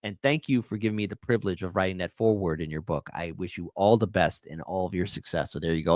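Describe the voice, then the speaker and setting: A middle-aged man hosting a casual livestream, joking and giving shout-outs to viewers. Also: sits low, fast, hardly any pauses, no echo, studio quality. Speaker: livestream host.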